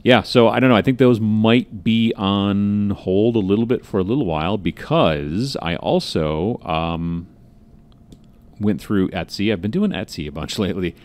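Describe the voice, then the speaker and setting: A man's voice: fairly low pitch, normal speed, darkish tone. A man co-hosting a podcast from an office, chatting casually and rambling with lots of fillers and restarts. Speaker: podcast co-host. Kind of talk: casual chat.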